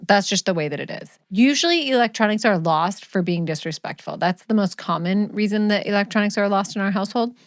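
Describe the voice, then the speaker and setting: A woman's voice: mid-range voice, a little fast, hardly any pauses, dry recording, studio quality. A middle-aged woman and mother, co-hosting a casual podcast chat, blunt and joking as she acts out scenes from her stories.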